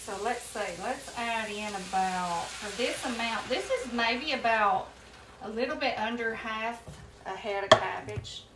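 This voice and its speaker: A woman's voice: on the high side, measured pace, background noise. A woman hosting a casual home cooking demonstration, chatting to viewers as y'all. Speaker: home cooking show host. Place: home kitchen. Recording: echoey kitchen, mic from a distance. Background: sizzling and frying on the stove.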